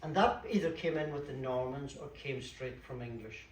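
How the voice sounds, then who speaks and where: Donegal fella giving a local history talk, chatty with dry jokes, roomy hall, mic a bit far off. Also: male voice, mid-range voice, moderate pace. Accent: Donegal Irish. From Donegal, Ireland. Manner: chatty, explanatory, with dry asides. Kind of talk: public lecture on local place names. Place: community hall at a book launch. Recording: echoey hall, distant mic, faint room noise.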